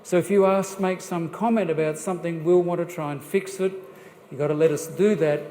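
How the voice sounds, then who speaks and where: A man giving a jokey, lively church seminar talk on family life, putting questions straight to the audience. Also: on the high side, brisk, slight background noise. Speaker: guest speaker on family life. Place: church hall. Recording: echoey church hall, faint ambience.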